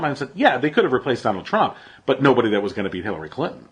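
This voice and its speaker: A man co-hosting a podcast, talking politics in a sarcastic, animated way and acting out quotes. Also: on the high side, very fast. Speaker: podcast co-host. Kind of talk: casual political chat.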